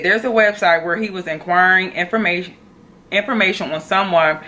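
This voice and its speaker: A woman, telling a personal story to her phone camera in an animated, chatty way. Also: fairly low pitch, a little hiss or hum. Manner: chatty, animated, addresses viewers as y'all. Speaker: vlogger.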